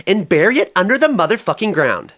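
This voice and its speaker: A man voicing the playful spirit of a plant medicine in a high, sing-song, teasing voice. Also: big pitch swings, quick pace, fairly bright tone, full character voice.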